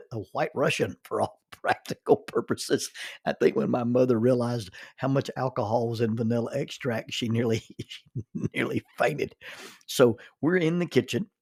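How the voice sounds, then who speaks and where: A man's voice: medium pitch, creaky, slightly rough, no echo, studio quality. A middle-aged man telling a personal story in a folksy, chuckling way. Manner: folksy, chuckles through his stories. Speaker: storyteller and minister.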